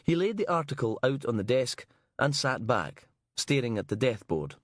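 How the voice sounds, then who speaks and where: A man reading a crime audiobook in a measured, even narration style on a close mic. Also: mid-range voice, dry recording.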